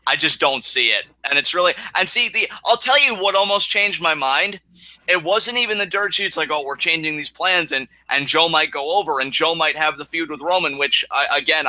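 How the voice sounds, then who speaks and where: Co-host, male, rambling and emotional, bright voice, dry close sound. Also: fairly high pitch, dry recording. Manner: rambling, emotional, frequent restarts. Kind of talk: casual podcast chat.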